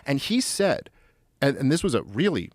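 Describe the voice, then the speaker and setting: A man talking as a podcast guest in casual political chat, animated and full of fillers and restarts. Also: mid-range voice, moderate pace, dry recording, clean studio sound.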